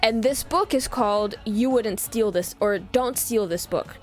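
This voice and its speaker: A woman in her twenties telling a story casually on a livestream, chatty and animated, acting out quoted lines with big pitch jumps. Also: a little slow, soft background music.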